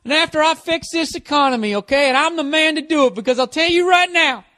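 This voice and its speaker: A man's voice: very high voice, fast, bright, forceful tone, pitched above the performer's own voice. A man voicing a blustering macho male presidential candidate, giving a crude, boastful stump speech.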